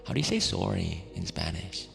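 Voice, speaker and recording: A very deep, gravelly male voice speaks gently, drifting between a soft whisper and quiet talk as he closes an ASMR stream. His tone is affectionate and easy, with frequent little laughs. A long reverb trails his words over faint background music. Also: lively intonation, moderate pace.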